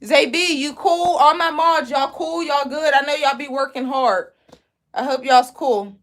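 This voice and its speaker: A young woman from Pennsylvania, with the local accent, hosts a braiding livestream, teaching while reading chat. Her high-pitched, fairly bright voice is unhurried, and she's chatty, calling her viewers "y'all."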